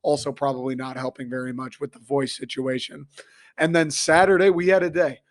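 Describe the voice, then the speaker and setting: A young man from Michigan, hoarse and a little raspy, ranting profanely and excitably as he hosts a casual sports talk show. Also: medium pitch, brisk. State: hoarse after a concert. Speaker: sports podcast host.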